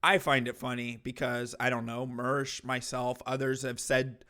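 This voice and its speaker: A man's voice: medium pitch, level tone, a little slow, hardly any pauses, pushed and bright. A male host giving casual reaction commentary in a wry, mocking way.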